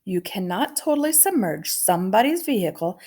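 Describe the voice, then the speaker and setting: A woman's voice: mid-range voice, very animated, moderate pace, warm tone. A woman voicing a stern, no-nonsense older great-aunt who scolds firmly, in a storybook read-aloud. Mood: scolding. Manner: firm and scolding.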